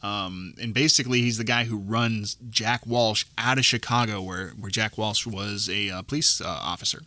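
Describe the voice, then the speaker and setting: Guy podcast cohost, bright voice, dry close mic, rambly movie chat. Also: on the low side, fairly even intonation, normal speed, no room sound. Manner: rambling, restarts often, quotes lines from the film. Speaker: podcast co-host. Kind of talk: casual film discussion.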